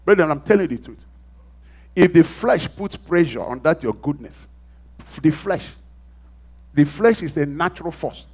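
A male preacher delivering a sermon with a lively, rising and falling pitch. His voice sits a little high for a man, and he acts out the people in his story, jumping from loud bursts down to near-whispers. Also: moderate pace, pauses often. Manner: dramatic, acts out quoted voices, swings from loud to hushed.

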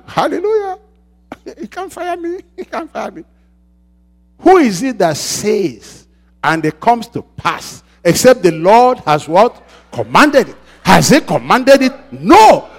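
A man preaching a sermon, asking the congregation to finish his sentences and swinging between loud shouts and quiet asides. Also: extremely high pitch. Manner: call-and-response preaching, asks the congregation to fill in words.

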